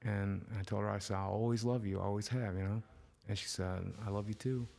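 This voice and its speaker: A middle-aged man sits as a podcast guest, telling a personal story with loose, profane candor. His voice sits low with a gravelly edge, and it sinks to hushed, almost whispered phrases before picking back up. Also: fairly even intonation, brisk. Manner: emotional storyteller, swears freely, drops to near whispers. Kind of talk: candid interview storytelling.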